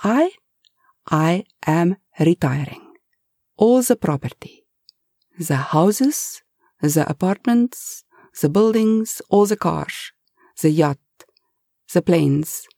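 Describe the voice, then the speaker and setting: A woman voicing a calm, weary billionaire man in his seventies, speaking in a measured, deliberate way in a storybook reading. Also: on the low side, gravelly, dry recording, studio quality, heavily acted.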